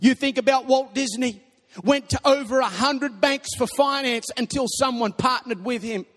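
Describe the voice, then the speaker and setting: A young man preaching a sermon, telling stories animatedly and breaking into shouts. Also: very high voice, moderate pace. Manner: animated storytelling, bursts into shouting. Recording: long reverb of a large hall.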